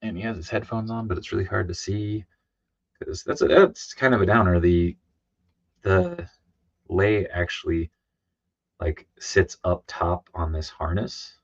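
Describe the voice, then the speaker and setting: A man with a very low voice chats loosely on a livestream, trailing off and restarting often. He sounds worn out. The sound is dry and a little dull. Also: a little slow, pauses often, dry recording. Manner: rambling, many fillers and restarts, reads chat aloud. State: tired. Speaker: comic artist streaming live. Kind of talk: casual livestream chat.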